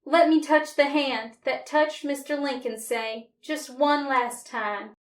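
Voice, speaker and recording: A weak, feverish young soldier speaks in a soft, slow, tender voice, as a woman reading a storybook puts him on. The pitch sits a little high for a woman. The room rings around it and the mic is set back. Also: fairly even intonation. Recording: roomy, distant mic.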